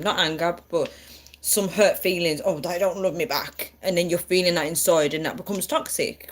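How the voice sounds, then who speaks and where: A woman's voice: sits low, slight background noise. A woman hosting a live stream, chatting with viewers in a chatty and encouraging way. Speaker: livestream host.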